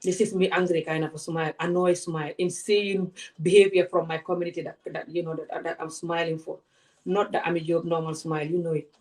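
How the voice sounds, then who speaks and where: A woman's voice: on the low side, level tone, fairly quick, a little mellow. Fiery woman. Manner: passionate, confrontational, many rhetorical questions. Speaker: vlogger. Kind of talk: direct-to-camera rant.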